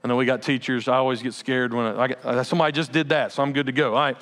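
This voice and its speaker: A male pastor preaching a sermon in an animated, conversational way with laughing asides. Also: medium pitch, rapid-fire.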